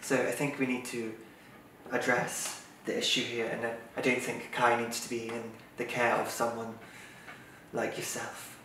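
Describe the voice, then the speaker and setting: An actor playing a snobbish, condescending upper-class nanny who talks down to everyone and calls them darling. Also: male voice, medium pitch, completely flat delivery, unhurried, sharp tone, recorded from a distance. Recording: echoey room, off-mic, faint noise.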